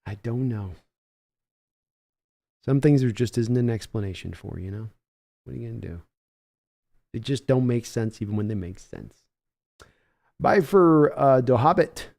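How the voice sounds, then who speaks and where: A man hosting a live stream reaction to a baseball game. He calls the plays with excitement and chats casually while reading messages from his viewers. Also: medium pitch, unhurried, creaky, pauses often. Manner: excitable home run calls, chatty while reading chat. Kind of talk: casual live play-by-play and chat.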